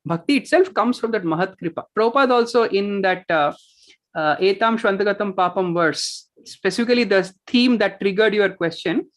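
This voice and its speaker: A woman's voice: medium pitch, a little fast. A woman teaching scripture and yoga, patiently explaining with simple examples and checking in with "right?".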